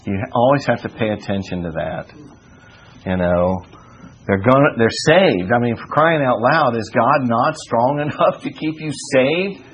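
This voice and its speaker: A man teaching a Bible study in a folksy, joking way, full of "you know" and shifts between raised preaching and low asides. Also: unhurried, muffled recording, slight background noise.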